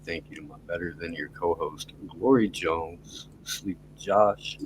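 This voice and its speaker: A man's voice: sits low, normal speed, background noise. A man hosting a podcast, talking loosely and profanely in a rambling casual chat. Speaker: podcast host.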